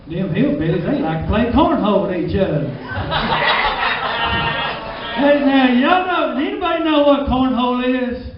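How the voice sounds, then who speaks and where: A man's voice: very high-pitched, expressive, moderate pace, pauses often, noisy background. A man with a Southern US drawl doing a stand-up comedy set in a small club, laughing at his own jokes. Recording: distant, dull, echoey club recording.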